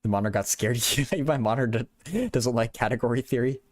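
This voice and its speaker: A man's voice: mid-range voice, a little fast, darkish tone, no room sound. A young man hosting a livestream, chatting casually with viewers, stuttering and repeating words, from a small apartment bedroom. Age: young adult. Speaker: livestream host.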